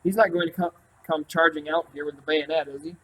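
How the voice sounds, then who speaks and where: An easygoing young male trumpet player, friendly and full of flattery, as a male narrator voices him. The tone sits a touch higher than average for a man and stays relaxed. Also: a little fast, a little hiss or hum, close to an everyday voice, rough recording. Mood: wry. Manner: easygoing, joking.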